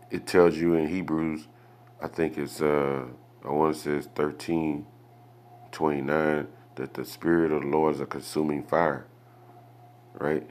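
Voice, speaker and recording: A man with an extremely deep voice leads a scripture lesson. He reads verses aloud, then breaks them down with rhetorical questions and a steady stream of "okay?" check-ins. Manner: asks rhetorical questions, adds "okay?" after points. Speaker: Bible teacher. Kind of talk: Bible study teaching.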